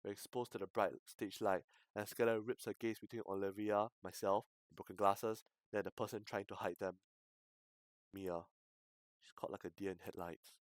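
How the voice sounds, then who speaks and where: A male streamer reading a visual novel aloud, breaking off into loud outbursts and swearing. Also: lowish voice, level tone, normal speed, no room sound. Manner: reads text with sudden loud outbursts and swearing.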